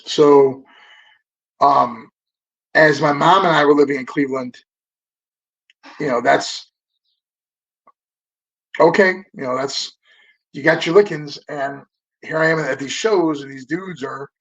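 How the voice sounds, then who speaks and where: A man's voice: on the high side, takes it slowly, long pauses, fairly bright tone. A man in his fifties from Southern California, a podcast guest telling stories in a loose, rambling way, swearing often and stopping and restarting with lots of fillers. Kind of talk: casual storytelling interview. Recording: dull lo-fi audio.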